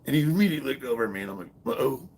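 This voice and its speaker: Speaking rapid-fire with vocal fry and a mid-range voice, a middle-aged strength athlete and fitness streamer jokes around with viewers on a casual livestream, animatedly telling profane stories. A little hiss or hum is audible.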